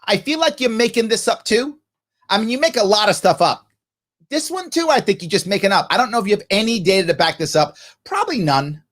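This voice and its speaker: Sarcastic, lively high-voiced male host. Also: brisk. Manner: mocking, sarcastic. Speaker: podcast host. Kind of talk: sarcastic commentary on clips.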